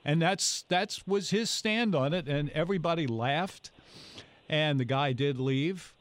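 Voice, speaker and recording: A man's voice: fairly high pitch, measured pace. A man hosting a call-in food show on the radio, talking in a folksy, rambling way and telling anecdotes. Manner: folksy, rambling, tells anecdotes with put-on voices. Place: radio studio. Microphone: studio microphone.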